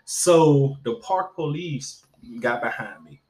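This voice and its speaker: Man telling a story in casual conversation: animated, profane, stammering restarts, echoey room. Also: on the high side, slow pace.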